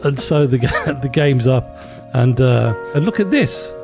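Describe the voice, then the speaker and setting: A man retelling a comic strip story as a podcast guest, animated and laughing as he goes. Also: medium pitch, a little slow, music in the background. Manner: animated storyteller, laughs while telling, acts out the characters' lines. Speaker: guest, writer and broadcaster.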